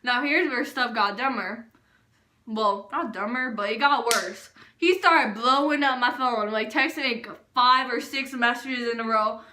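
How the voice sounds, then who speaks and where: A young woman casually telling a storytime vlog, animated and full of filler words. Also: on the high side, unhurried, roomy sound. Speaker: vlogger.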